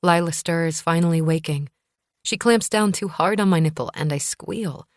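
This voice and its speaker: Low-voiced woman narrating a thriller. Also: moderate pace, no echo, studio quality. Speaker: audiobook narrator. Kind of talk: first-person thriller narration.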